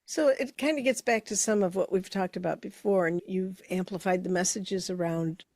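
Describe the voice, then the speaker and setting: A woman co-hosting a motivational podcast, speaking in a measured, reflective way as she builds her points. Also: on the low side, darkish tone, dry recording, clean studio sound. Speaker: podcast co-host. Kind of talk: casual motivational chat.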